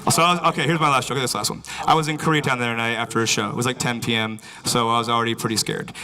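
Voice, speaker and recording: A man's voice: medium pitch, steady tone, very fast. A man doing a stand-up comedy set at a live venue, rambling and filling his sentences with 'like', with a crowd in the room. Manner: rambling, lots of filler 'like'.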